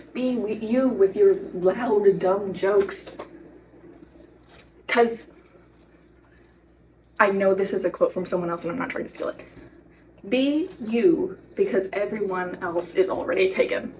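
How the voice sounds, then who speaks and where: A woman's voice: mid-range voice, a little mellow. A teenage girl baking at home, giving earnest advice straight to the viewer with lots of giggles. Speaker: baking vlogger. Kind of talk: casual baking vlog with advice. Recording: voice from a distance off the mic, faint noise.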